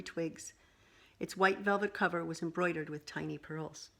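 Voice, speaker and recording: A woman reads a picture book aloud with a slightly low voice. She stops now and then to point out the pictures to a listener. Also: fairly even intonation, gravelly, fairly bright tone. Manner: pauses to show pictures to a listener. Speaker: storyteller.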